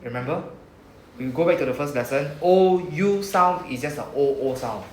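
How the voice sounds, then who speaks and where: A man's voice: on the high side, animated, moderate pace, a little mellow, reverberant, a little hiss or hum. A man with a Singaporean English accent teaching a Japanese class in a chatty, casual way, drawing out sounds as he models words.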